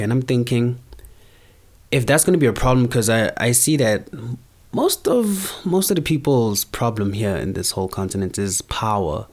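A man's voice: mid-range voice, big pitch swings, moderate pace. A young man from South Africa talking casually in a rambling, slangy monologue.

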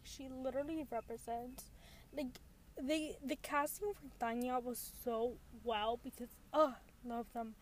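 High-voiced young woman rambling a recap. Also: darkish tone, slight background noise. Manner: rambling, heavy filler words, giggly. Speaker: show recap vlogger. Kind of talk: casual episode recap.

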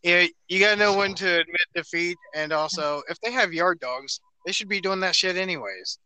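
A man's voice: high-pitched, fairly quick, bright, forceful tone, no room sound, rough recording. A man who drives trucks and co-hosts the show, telling a wry, self-deprecating story. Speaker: co-host, trucker. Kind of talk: casual storytelling. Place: truck yard.

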